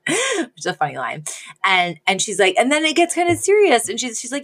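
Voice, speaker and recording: A woman co-hosting a podcast, recapping a sitcom episode in casual chat, animated and laughing often. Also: mid-range voice, moderate pace.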